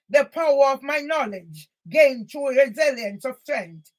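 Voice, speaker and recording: A woman, an author and campaigner, delivering an angry, confrontational monologue aimed at one person, breaking into loud emphatic bursts. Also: sits high, lively intonation, unhurried, hardly any pauses.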